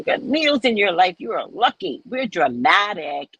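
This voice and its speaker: A woman from California hosting a casual show, chatting and telling stories in an animated way. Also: lowish voice, measured pace, slightly rough, no room sound, dull audio. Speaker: host. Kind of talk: casual chat.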